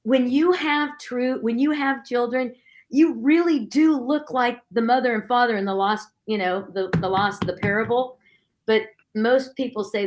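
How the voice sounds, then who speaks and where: A middle-aged woman speaking as a guest on a Christian talk show, telling stories in an animated way and acting out the voices she quotes. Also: on the high side, a little slow.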